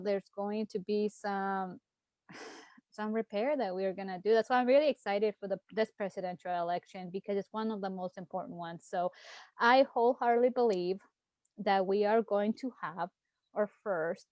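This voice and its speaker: A political candidate hosts an informal livestream town hall from home, speaking warmly and conversationally with many fillers. She has a mid-range voice and talks at a moderate pace.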